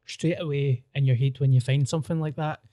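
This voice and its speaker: A man's voice: medium pitch, brisk, no room sound, studio quality. A Scottish man hosting a podcast, telling crude stories in casual chat with lots of laughter. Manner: crude, animated storytelling with frequent laughter. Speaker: podcast host.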